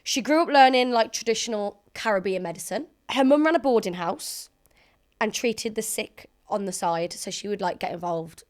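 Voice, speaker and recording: A woman's voice: mid-range voice, normal speed. A woman co-hosting a casual podcast, chatty and giggly, with "like" dropped into most sentences. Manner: chatty, giggly, says "like" a lot. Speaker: podcast co-host. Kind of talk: casual chat.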